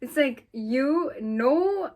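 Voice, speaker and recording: A high-pitched young woman from the United Arab Emirates chats on a casual podcast. She keeps the banter light and teasing. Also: animated, extremely slow, darkish tone. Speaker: podcast co-host. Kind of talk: casual chat.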